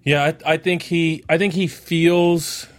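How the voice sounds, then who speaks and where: A man hosting a casual podcast chat, recapping a reality show and acting out what people said. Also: measured pace. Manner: animated, acts out quotes with raised pitch. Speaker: podcast host.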